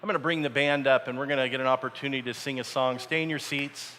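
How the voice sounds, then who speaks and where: A man's voice: mid-range voice, steady tone, quick pace, pushed and bright. A man preaching a dramatic, story-driven sermon at a camp, acting out voices as he tells the story. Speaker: camp speaker. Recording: echoey hall.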